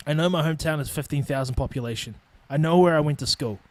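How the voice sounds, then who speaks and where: A man's voice: fairly high pitch, fast, hardly any pauses, dry recording. Ranting New Zealand guy, sweary. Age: 20s. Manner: profane, blunt and ranting. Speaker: podcast host. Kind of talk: solo podcast rant. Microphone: studio microphone.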